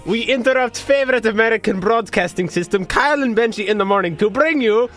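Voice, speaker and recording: A man's voice: high voice, brisk, faint music behind, voice pushed up. A man putting on a bumbling Soviet newsreader. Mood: proud deadpan. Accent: put-on Russian. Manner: broken English, loud and cheerful. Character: mock Soviet male newsreader, bumbling and proud.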